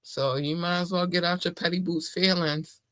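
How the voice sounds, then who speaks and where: A woman's voice: lowish voice, fairly even intonation, normal speed, dry recording, studio quality. A woman hosting her podcast in a casual monologue, effusive and playful, often laughing. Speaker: podcast host.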